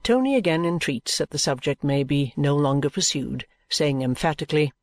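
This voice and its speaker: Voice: medium pitch, moderate pace, hardly any pauses, no room sound. Reader narrating a classic novel, dry sound. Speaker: audiobook reader.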